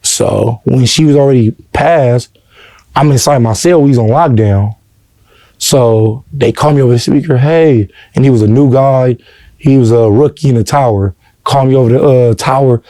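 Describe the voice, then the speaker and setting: An earnest man tells his story in a relaxed interview, constantly checking in with "you know what I'm saying." His voice is dark and mellow. It is recorded dry and close, with no room sound. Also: medium pitch, normal speed, no room sound. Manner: earnest, heartfelt. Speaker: interview guest. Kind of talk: casual personal storytelling.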